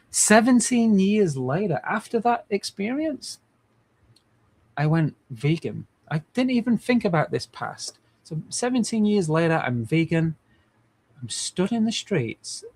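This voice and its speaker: A man in his forties, hosting a livestream in an earnest, rambling way with many restarts. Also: fairly high pitch. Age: 40s. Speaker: livestream host. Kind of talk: casual livestream talk.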